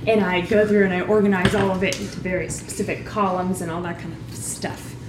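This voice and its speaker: A woman's voice: lowish voice, level tone, brisk. A woman playing a tabletop game, precise and curious in how she talks. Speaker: player. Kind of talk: casual tabletop play. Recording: roomy, distant, noisy.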